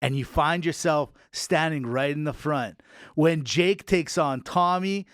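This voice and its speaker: A man co-hosting a sports podcast, telling stories in an excitable, teasing way. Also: on the high side, measured pace, dry recording, clean studio sound. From Canada. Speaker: podcast co-host. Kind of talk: casual sports banter.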